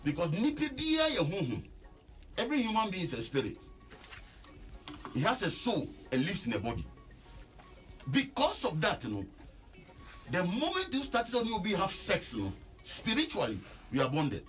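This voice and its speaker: Emphatic Ghanaian man with a high, lively voice. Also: soft background music. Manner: emphatic, slow and repetitive for stress. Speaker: relationship counselor. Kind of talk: radio advice talk.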